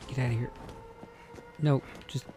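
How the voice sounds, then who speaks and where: A man's voice: medium pitch, steady tone, unhurried. A man giving casual, chatty commentary while playing a video game and reading out menus as he goes. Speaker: let's play host. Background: game music.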